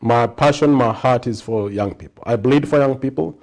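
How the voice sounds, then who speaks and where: A man in his fifties from Zambia talks as a guest on a television interview. His voice sits at a middle pitch, and he speaks earnestly, stacking lists and tripping over the first words of his answers. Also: normal speed, a little mellow. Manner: earnest, repetitive lists, stammering starts. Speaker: economist and TV guest.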